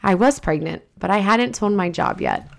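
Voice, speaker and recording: A woman's voice: medium pitch, normal speed, creaky. Woman in her 30s, podcast co-host, reads listener stories with expression, easy laugh. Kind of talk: reading listener stories aloud and casual chat.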